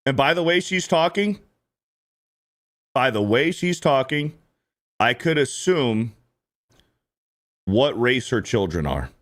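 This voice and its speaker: A male host delivers blunt, profane reaction commentary, his pitch swinging widely as he rants. He talks in an animated, mid-pitched voice. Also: slow, pauses often.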